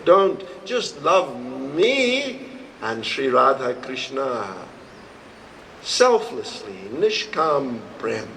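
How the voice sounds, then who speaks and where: A man, a swami, giving a devotional talk to a live audience, telling stories slowly and acting out the dialogue. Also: creaky, slight background noise, poor audio. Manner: slow, storytelling, acts out dialogue with expressive rises in pitch. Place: retreat hall, recorded live.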